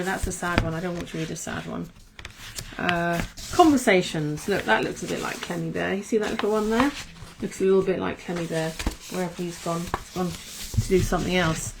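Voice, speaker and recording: A woman hosting a podcast who muses aloud in a rambling, reflective way and keeps correcting herself as she goes. Her voice is lowish and gravelly with vocal fry. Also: moderate pace, pauses often, slight background noise. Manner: rambling, musing, self-correcting. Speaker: podcast host. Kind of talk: reflective casual monologue.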